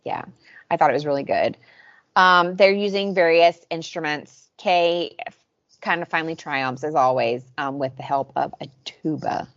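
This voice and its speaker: A woman co-hosting a podcast, chatting casually and recapping episodes with animated storytelling. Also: sits low, moderate pace, dry recording, lo-fi sound. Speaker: podcast co-host. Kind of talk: casual chat.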